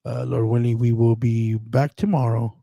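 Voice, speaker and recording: Bible teacher, male, halting scripture reader, mellow tone, dry close sound. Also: medium pitch, little pitch movement, gravelly, no echo. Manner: slow, halting reading with self-corrections. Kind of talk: reading scripture aloud.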